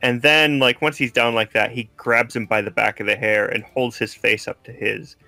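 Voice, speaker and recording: Man, tabletop player, bright voice, rambling, dry sound. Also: mid-range voice, moderate pace, creaky, no echo, faint music behind. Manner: relaxed, rambling description. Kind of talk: tabletop game narration.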